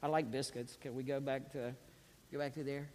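A man preaching a sermon as a pastor, calling on the congregation to repeat after him and swinging from quiet asides to shouted emphasis. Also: medium pitch, flat delivery, brisk, a little hiss or hum. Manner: preaching with call-and-response to the congregation. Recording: long reverb of a large hall.

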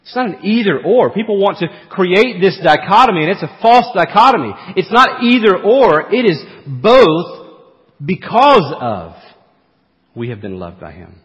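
A man's voice: high-pitched, very animated, moderate pace, dull audio. Male pastor preaching in a reverberant hall. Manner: rising to emphatic peaks, then dropping to quiet asides. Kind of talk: sermon.

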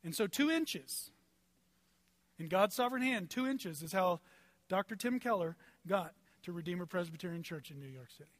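High, bright-voiced storytelling preacher man. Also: no echo. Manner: animated, builds through rhetorical questions; conversational, personal anecdotes. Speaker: pastor. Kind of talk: storytelling sermon.

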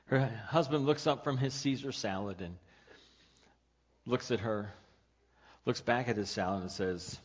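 Husky pastor telling jokes in a sermon. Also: male voice, medium pitch, measured pace, long pauses. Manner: storytelling, wry punchlines, dynamic shifts. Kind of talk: sermon with joke stories. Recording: dull lo-fi sermon audio.

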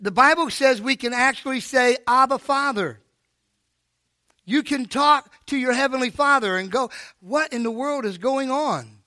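High bright older male preacher. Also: a little slow, no room sound, studio quality. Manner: animated, preachy, joking asides. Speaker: pastor. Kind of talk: sermon. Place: live church service.

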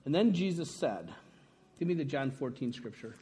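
A man's voice: medium pitch, expressive, moderate pace, dark tone, slightly rough. A man preaching a sermon to his congregation, emphatic and conversational, often checking in with "right?". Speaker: pastor.

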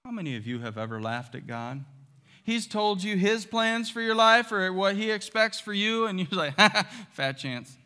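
A man preaching in a church, his voice very bright and slightly high. He talks in an animated way and acts out quotes with sudden loud bursts. The sound carries a long hall reverb. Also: moderate pace, clear, resonant tone. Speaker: pastor. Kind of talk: sermon. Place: church sanctuary.

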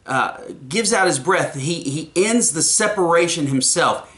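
A man's voice: fairly high pitch, a bit bright. A man preaching a sermon, earnest, often repeating the first words of a phrase.

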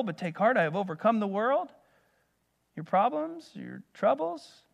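A middle-aged male pastor delivering a sermon in a fairly high-pitched voice. He preaches with animated, emphatic bursts and then falls back to quiet, conversational asides. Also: vocal fry. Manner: animated preaching, swings from loud emphatic peaks to soft asides.

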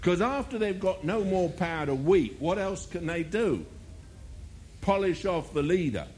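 A man's voice: high-pitched, sing-song, measured pace, darkish tone, slight background noise. A male preacher delivering a sermon, firing rhetorical questions and mocking asides.

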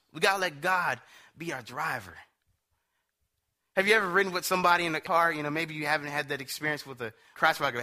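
Guy preaching, chatty storytelling sermon, real bright voice, kinda high. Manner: conversational storytelling, quoting others in animated asides.

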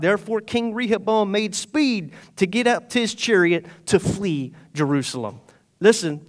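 A man preaching a sermon, reading scripture aloud and retelling it in casual paraphrase, swinging between loud and hushed delivery. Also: sits high. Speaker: pastor.

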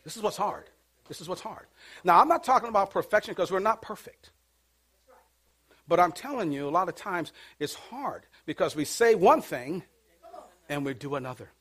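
High-voiced preacher swinging from hush to shout. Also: male voice, expressive, moderate pace, long pauses. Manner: swings from hushed to shouting, call-and-response preaching. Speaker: pastor. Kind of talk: sermon. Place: church.

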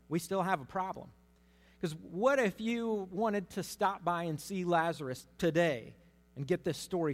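A man giving conversational Bible teaching, telling the story in a lively way with humorous asides. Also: on the high side. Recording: long hall reverb.

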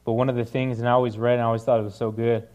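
A man's voice: medium pitch, little pitch movement, very fast, darkish tone. A young man giving a casual, conversational sermon, with many fillers and frequent "right?" asides to the listeners. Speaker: preacher.

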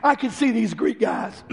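Hoarse, high-pitched preacher in a reverberant church. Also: male voice, lively intonation, slow, darkish tone. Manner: impassioned preaching, acts out the visitors' voices. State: hoarse, voice giving out. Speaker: pastor. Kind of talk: sermon.

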